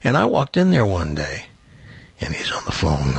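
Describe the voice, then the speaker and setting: An older man hosting a radio show, telling stories in casual studio chat and dropping into a deep voice for quotes. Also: moderate pace, slight background noise. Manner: animated storyteller, drops into a deep put-on voice for quotes.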